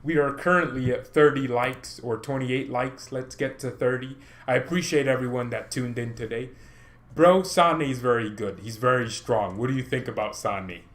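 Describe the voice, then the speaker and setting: A man hosting his own channel, chatting casually and excitedly about football, rambling, laughing and poking fun at himself. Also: medium pitch, moderate pace. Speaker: channel host.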